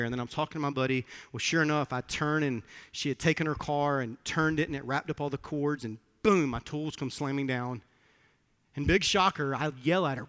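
Man, pastor preaching, earnest storytelling, slightly high voice, long hall reverb. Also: brisk, a bit bright. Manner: earnest storytelling, repeats words when moved. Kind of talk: sermon. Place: church sanctuary.

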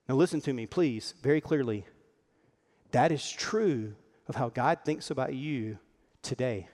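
A man's voice: mid-range voice, unhurried, a little mellow. A man preaching a sermon in an earnest, conversational way, acting out the lines he quotes. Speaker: pastor. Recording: long hall reverb.

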